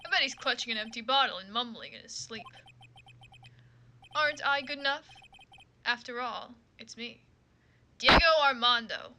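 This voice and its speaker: A woman's voice: on the high side, normal speed, pauses often, bright, forceful tone, a little hiss or hum. Woman doing a smug teasing male lawyer. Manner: smooth, teasing, self-assured.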